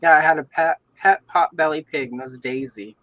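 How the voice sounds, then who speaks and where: A woman's voice: sits low, normal speed, crowd noise, poor audio. A woman from the American South with a Southern accent, hosting a casual livestream and greeting viewers by name. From Southern United States. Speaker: livestream host. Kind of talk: casual chat while coloring on stream. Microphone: streaming setup.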